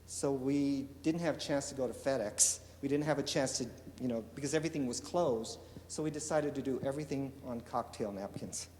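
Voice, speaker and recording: A man from eastern Oregon telling a lively business story to an audience, acting out the dialogue. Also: medium pitch, a little fast, few pauses, a little hiss or hum. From eastern Oregon, USA. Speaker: entrepreneur giving a talk. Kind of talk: storytelling keynote speech. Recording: reverberant hall with faint ambience.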